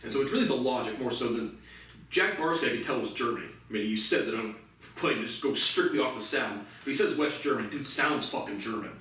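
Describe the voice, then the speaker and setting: Guy ranting solo, cussing a lot, mid pitch, sounds far off in a big echoey room. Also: quick pace, sharp tone. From United States. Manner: angry, profane, rambling. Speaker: vlogger.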